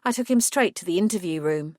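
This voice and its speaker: A woman narrating a first-person audiobook in a steady, clear storytelling voice. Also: lowish voice, fast talker, no echo, clean studio sound.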